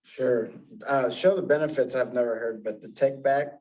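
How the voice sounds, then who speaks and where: A man in a class, explaining sales lines in a measured way and acting out the scripts. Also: mid-range voice, a little mellow. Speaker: class participant. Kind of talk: classroom discussion. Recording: echoey room, mic far off.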